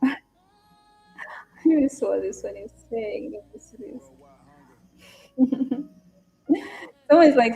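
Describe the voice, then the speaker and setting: A woman's voice: fairly high pitch, very animated, a little slow, long pauses, warm tone, soft background music. A young woman with an East African accent, hosting a casual live stream, chatting with viewers, greeting them by name and reading their comments aloud. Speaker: live-stream trader and host.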